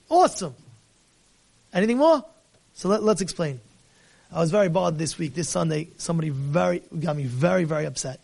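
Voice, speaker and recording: Male rabbi, very high voice, dramatic sermon delivery, acts out dialogue, mixes in Hebrew and Yiddish terms. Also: creaky. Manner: dramatic storytelling, acts out dialogue, rhetorical questions. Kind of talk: animated sermon.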